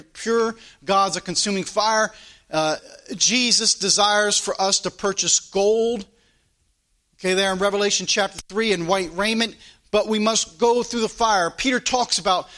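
High-voiced earnest male preacher. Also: pushed and bright. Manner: earnest, preaches through a personal anecdote with rhetorical questions. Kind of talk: sermon.

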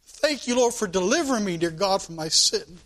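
A pastor prays aloud before his congregation in a church sanctuary. His voice sits high for a man, and he keeps circling back with repeated appeals to the Lord. His delivery has the steady, pleading rhythm of a revival pulpit. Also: fairly quick. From United States. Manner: repetitive, calling "Lord" and "dear God" between phrases. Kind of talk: fervent pulpit prayer.

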